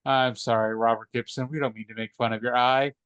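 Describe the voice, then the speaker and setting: A man's voice: medium pitch, level tone, fairly quick, fairly bright tone, smooth, dry recording, highs cut off. A man co-hosting a wrestling podcast, joking and rambling in casual chat. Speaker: podcast co-host.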